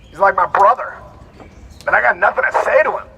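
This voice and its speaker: A high-pitched man addresses a protest crowd on a city street, impassioned and swearing freely as he rallies them. He stands well back from the mic, and his voice rings with a long, roomy echo. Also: expressive, brisk, gravelly, pushed and bright. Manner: impassioned, profane, rallying. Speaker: protest organizer. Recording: roomy, distant street reverb.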